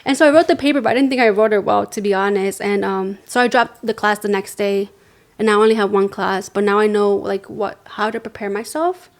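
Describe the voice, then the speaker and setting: Young woman panelist, reflective, casual, mid pitch. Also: steady tone, brisk. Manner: reflective, many fillers.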